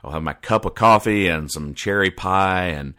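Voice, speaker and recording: A man's voice: deep voice, moderate pace, pushed and bright. A man hosting a comedy show, reading out comic strips and rambling about them in a self-mocking way, with bursts of acted lines. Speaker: comic strip reader and host. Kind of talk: casual comedic commentary.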